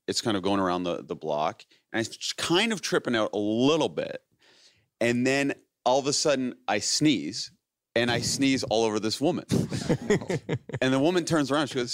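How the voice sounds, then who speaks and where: A podcast host in his late thirties tells a long, rambling story in casual chat, laughing often and acting out the voices of the people involved. His mid-range voice swings widely in pitch at normal speed, with studio quality and no room sound.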